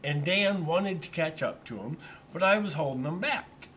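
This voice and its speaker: A man's voice: fairly high pitch, expressive, moderate pace, a bit bright. A man casually telling a childhood story to a camera that a friend is holding, rambling and poking fun at himself. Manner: rambling and self-deprecating, with repeated "so anyway". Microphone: camera held by a friend.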